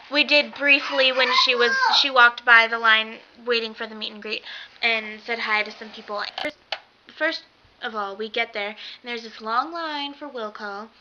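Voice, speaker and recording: Bubbly young woman vlogging excitedly. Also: a little high. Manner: gushing, rambling, lots of fillers. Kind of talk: excited casual vlog. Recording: dull lo-fi webcam sound with faint hiss.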